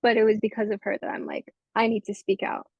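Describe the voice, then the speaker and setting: Gravelly flat-voiced tearful woman. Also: medium pitch, dry recording, dull audio. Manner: tearful, heartfelt, halting. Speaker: guest, nonprofit co-founder. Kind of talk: interview answer.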